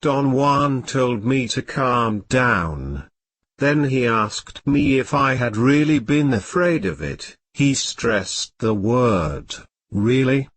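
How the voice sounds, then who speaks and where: A computer-generated male voice narrating an audiobook in a slow, even reading. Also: mid-range voice, no echo.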